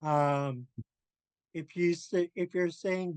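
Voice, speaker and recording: A man teaching a language class, drilling pronunciation slowly and carefully and laughing often. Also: fairly high pitch, steady tone, clear, resonant tone, dry recording.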